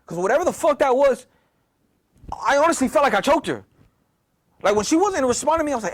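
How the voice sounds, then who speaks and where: A young man casually telling a story in slangy, profane, animated talk with a lot of repetition. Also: extremely high pitch, quick pace. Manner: slangy, profane, animated retelling with many repeats.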